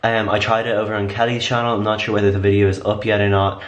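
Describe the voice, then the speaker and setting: A man with a slightly raspy voice chatting through a casual skincare tutorial, rambling and full of fillers. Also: on the low side, monotone, fast. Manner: rambling, filler-heavy, upbeat. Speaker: beauty vlogger. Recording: echoey room.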